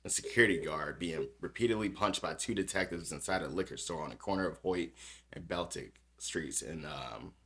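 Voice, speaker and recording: Deep, husky-voiced man hosting a podcast. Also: normal speed, fairly bright tone. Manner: blunt and profane, with stumbles while reading. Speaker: podcast host. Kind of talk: casual podcast chat, reading news aloud.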